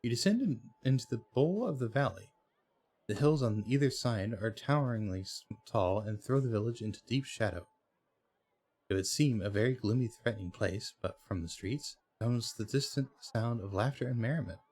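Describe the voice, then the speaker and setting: A man hosting a let's play reads the game's story text aloud while playing, hesitating and correcting himself often. His medium-pitched voice is husky and darkish, animated, at a moderate pace.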